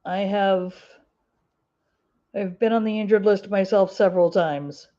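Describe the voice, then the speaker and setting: A woman's voice: medium pitch, steady tone, unhurried, dark tone, muffled recording. Chatty woman with an Ozark twang. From Ozark Mountains, US. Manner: chatty and rambling, with many fillers and laughs. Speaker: crafting livestream host. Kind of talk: casual livestream chat answering viewer comments.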